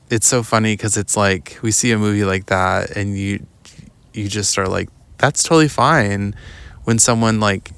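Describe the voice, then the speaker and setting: A young adult podcast host telling a long personal story outdoors in a rambling, casual way, full of "like" and "um". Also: male voice, lowish voice, creaky, a bit bright, clear, resonant tone. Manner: rambling, lots of "like" and "um", mimics others in quotes. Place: outdoors walking in the woods.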